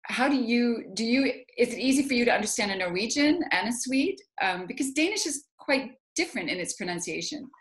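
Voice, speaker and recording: A woman's voice: mid-range voice, a bit bright. Canadian woman chatting on a call. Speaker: author and interviewer. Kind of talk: casual video call chat. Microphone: video call.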